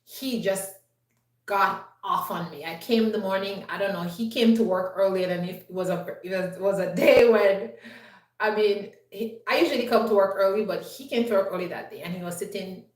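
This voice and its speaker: A woman's voice: medium pitch, moderate pace, distant mic. A woman vlogger telling a personal story in a chatty, upbeat way, full of "you know". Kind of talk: casual storytelling to camera. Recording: roomy echo, voice set back from the mic.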